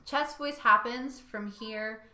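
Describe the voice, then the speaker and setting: A young woman vocal coach giving a singing lesson, talking in a lively way and showing each sound with her own voice. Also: a little high, slow pace, echoey room.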